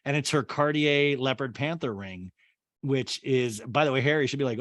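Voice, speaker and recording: A man hosting a comedic podcast recap of a reality show, snarky and animated, with quick asides. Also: medium pitch, dry recording. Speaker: podcast host.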